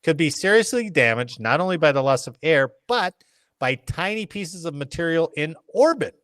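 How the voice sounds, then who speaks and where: A man hosting a casual podcast, reading news articles aloud and riffing on them with jokes and quick put-on voices. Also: fairly high pitch, sing-song, fairly bright tone, dry recording. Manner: jokey, reads articles then riffs with funny voices.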